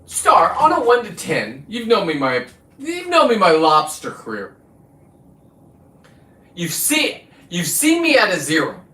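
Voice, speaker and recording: A man ranting live on his phone stream, swearing hard and preaching at his viewers. His voice is on the higher side and pushed, forceful and tense. He sits back from the phone in an echoey room. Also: wildly swooping pitch, measured pace, long pauses. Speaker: livestream host. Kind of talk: profane livestream rant. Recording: echoey room, distant from the mic.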